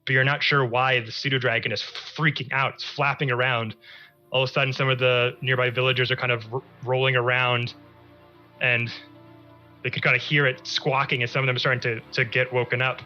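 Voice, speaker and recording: A man with a very bright, forward voice narrates a tabletop game as its dungeon master. He paces out each scene slowly, drawing out his words. The audio is a bit dull, with faint music underneath. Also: mid-range voice, flat delivery. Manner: slow, drawn-out scene narration.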